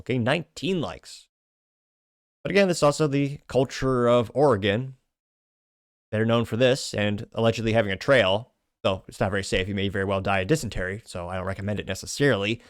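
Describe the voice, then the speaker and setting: A man's voice: on the low side, a little fast, no echo, studio quality. A man hosting a show, reading viewer comments aloud with wry asides in between. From United States. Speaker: show host.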